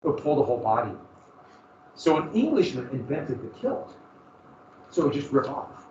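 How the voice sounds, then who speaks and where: In a sing-song, slightly mellow medium-pitched voice at normal speed, a teacher jokes through a casual class that wanders into personal anecdotes. A distant mic makes it roomy and dull, with a little hiss or hum.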